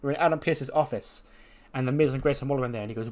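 A man's voice: medium pitch, rapid-fire, a little mellow. A man casually narrating a wrestling management game, chatty and loose, with frequent fillers and laughs. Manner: chatty, laughing, many "like" and "you know" fillers. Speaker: game commentator. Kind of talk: casual let's play narration.

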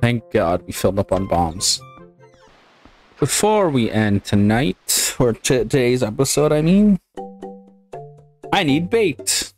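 Excitable swearing male gamer. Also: mid-range voice, a little slow, soft background music. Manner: excitable, swears and laughs when frustrated. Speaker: let's play gamer. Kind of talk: casual gameplay commentary.

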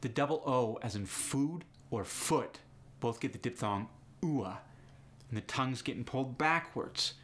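A man's voice: medium pitch, animated, measured pace, fairly bright tone. A man teaching an accent lesson step by step, upbeat and explanatory, saying example words to show each sound. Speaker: accent coach.

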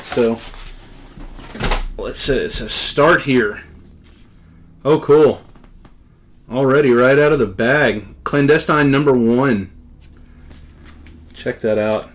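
A middle-aged man in casual unboxing chat, a comic book collector who talks in a talkative way and keeps exclaiming with excited gratitude. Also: mid-range voice, takes it slowly, pauses often.

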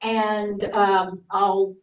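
A woman preacher giving a sermon full of personal stories, acting out her younger self in a raised, pleading voice and dropping to hushed tones for quiet moments. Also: mid-range voice, level tone, drawn-out words, muffled recording. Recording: roomy sound from a distant mic.

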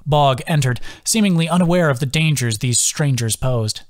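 A man's voice: mid-range voice, moderate pace. A man reading his own fantasy novel aloud as audiobook narration. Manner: lively, expressive reading.

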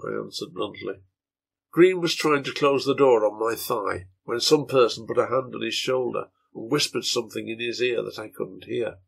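A man reading his own translation of a serialized novel aloud in a measured storytelling manner. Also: on the low side, vocal fry, slightly rough.

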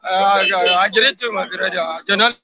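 A Nigerian man speaking Pidgin English in an animated street interview, his voice very high and piercingly bright. He swears oaths as he presses his point. The recording is dull and lo-fi. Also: a little fast. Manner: emphatic pidgin English, swears wallahi often.

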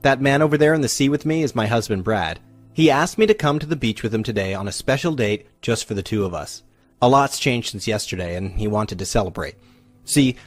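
A man voicing a grateful young married woman, bubbly and close to happy tears, gushing in a breathless retelling. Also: fairly low pitch. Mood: beaming.

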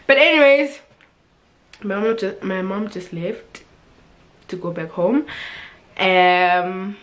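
A woman's voice: medium pitch, takes it slowly, pauses often. A young woman from Africa, chatting casually and expressively to camera with frequent laughs and fillers. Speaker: vlogger.

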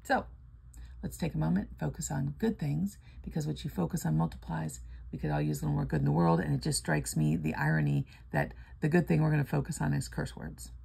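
A woman's voice: deep voice, fairly even intonation, brisk, gravelly, warm tone, breathy edge. An older woman casually chatting and reading out numbers while scratching lottery tickets, playful and sleepy. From Florida. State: sleepy, yawning.

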